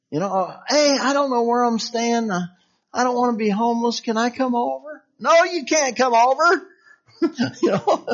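A man preaching an informal sermon in a chatty, conversational way, peppered with "you know", chuckles and acted-out dialogue. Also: sits high. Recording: dull lo-fi sound.

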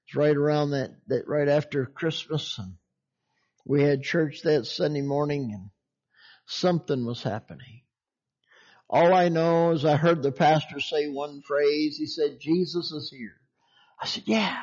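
A man delivers a sermon testimony in a folksy, storytelling way, chuckling often. His voice sits a little high. The recording is dull and muffled. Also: unhurried, a little mellow. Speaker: preacher.

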